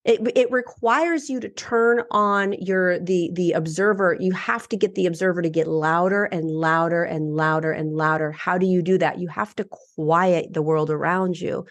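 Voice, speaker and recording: A middle-aged woman who teaches ascension guests on a podcast in a casual conversational interview. She talks earnestly and reflectively, often restarting sentences, in a lowish, steady voice at a moderate pace with few pauses.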